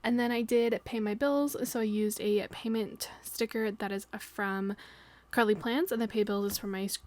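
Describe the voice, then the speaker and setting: A woman's voice: medium pitch, steady tone, moderate pace, darkish tone, no room sound. A young woman in her twenties, a planner vlogger, chatting casually in a rambling, giggly voice-over full of fillers.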